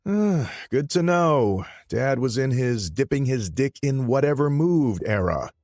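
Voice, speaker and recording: A man's voice: medium pitch, sing-song, a little slow, a little mellow, no echo, studio quality, pitched above the performer's own voice. A man putting on a wisecracking young mobster. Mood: joking. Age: young adult. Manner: wisecracking, mocking. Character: brash joking younger male mafia brother.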